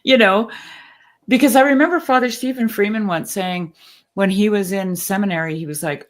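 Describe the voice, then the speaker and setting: A woman podcast host who reads a passage aloud and then chats casually, earnest and quick to laugh. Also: medium pitch. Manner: earnest, quick to laugh, lively when excited.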